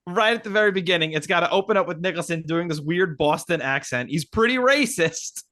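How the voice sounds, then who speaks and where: Lively, teasing man on a podcast. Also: sits high, fairly quick. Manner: wry, teasing. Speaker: podcast co-host. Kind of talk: casual chat.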